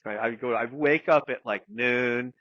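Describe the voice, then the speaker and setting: A man's voice: mid-range voice, a little slow, fairly bright tone, dry recording, muffled recording. A man guest telling a long story in casual, rambling talk, full of fillers and the odd swear word. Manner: rambling anecdote with many fillers and some swearing. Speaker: guest therapist.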